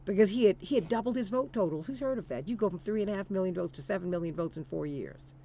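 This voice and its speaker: A woman's voice: mid-range voice, quick pace, mellow, a little hiss or hum. Impassioned woman talk host, lo-fi sound. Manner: emphatic, preacher-like repetition, addresses listener as "honey". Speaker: radio talk show host.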